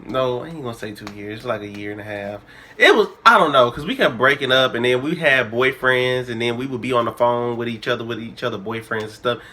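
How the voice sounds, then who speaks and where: Speaking quickly with a medium-pitched voice, this young man in his early 20s is a vlogger recounting something that happened to him. The retelling is relaxed yet theatrical, full of quoted lines he performs with flair.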